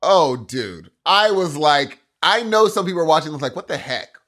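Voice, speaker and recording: A man's voice: on the high side, animated, normal speed, fairly bright tone. A man co-hosting a podcast in casual chat, talking with enthusiasm and calling his partner dude. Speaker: podcast co-host.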